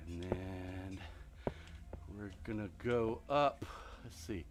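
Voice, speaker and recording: A middle-aged man streaming a building game live while walking on a treadmill, out of breath, muttering counts to himself between loud chatty asides to his viewers. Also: deep voice, slow. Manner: mutters block counts under his breath, then chats loudly to viewers. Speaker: gaming streamer.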